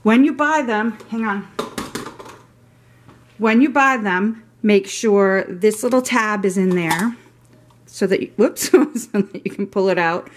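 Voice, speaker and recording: On camera, a middle-aged woman vlogger shows off her shopping haul in a casual show-and-tell, gushing over each piece and drifting into rambling asides. Her voice sits at a medium pitch and moves a little slowly, with slight background noise.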